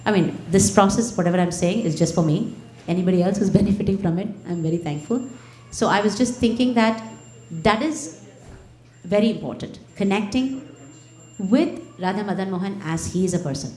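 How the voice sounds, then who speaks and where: A woman's voice: mid-range voice, brisk, mellow. A woman giving a personal, conversational devotional talk to a temple congregation, asking the audience questions. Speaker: temple speaker. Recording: echoey temple hall.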